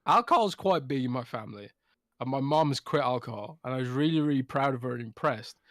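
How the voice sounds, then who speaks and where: A man's voice: mid-range voice, lively intonation, fast, no room sound, studio quality. Drunk, sweary man on a podcast. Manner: loose, rambling and sweary. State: drunk, slurring words. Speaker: podcast co-host. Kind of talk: casual podcast chat.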